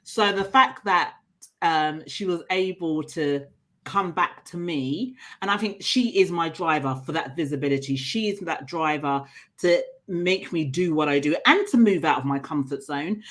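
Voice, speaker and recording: A middle-aged woman, a coach and trainer, telling personal stories in an interview in an earnest, animated way. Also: low-pitched, unhurried. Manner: earnest, animated storytelling with laughs.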